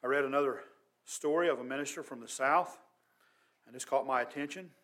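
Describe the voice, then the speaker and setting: A man preaching a sermon as pastor, earnest and emphatic, his voice swelling loud and dropping quiet. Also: medium pitch, a little fast.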